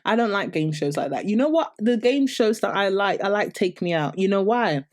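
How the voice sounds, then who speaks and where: A woman's voice: medium pitch, lively intonation, moderate pace. A woman from London with a London accent, co-hosting a casual chat show and giving blunt, playful takes. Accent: London English. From London, England. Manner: blunt, playful, talks back to the stories. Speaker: podcast co-host.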